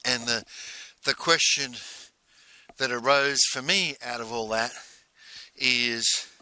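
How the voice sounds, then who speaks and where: Guy telling a story, super bright tense voice, keeps restarting, dry close sound. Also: medium pitch, no room sound. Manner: halting, many restarts and repeated words. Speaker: speaker recounting a personal exercise. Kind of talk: casual spoken storytelling.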